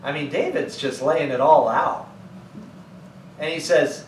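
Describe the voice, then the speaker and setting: A man's voice: on the high side, measured pace, reverberant, distant mic, a little hiss or hum, poor audio. A man preaching as pastor, teaching scripture and retelling it in casual everyday words. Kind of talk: sermon teaching. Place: church.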